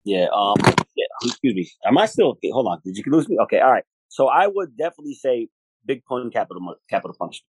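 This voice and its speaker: A man, a hip hop artist guest in a casual interview, talking in an animated, profane way and acting out quoted voices. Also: mid-range voice, quick pace, husky, dry recording, rough recording. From United States, Buffalo, New York. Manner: animated and profane, acts out quoted voices, often says "you know what I mean".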